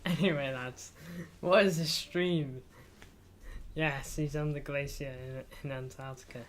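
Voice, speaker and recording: A man with a voice on the high side speaks a little slowly in a steady tone, and there's a little hiss or hum. He streams football live indoors before a green screen, chatty and jokey, reading chat aloud and calling viewers lad.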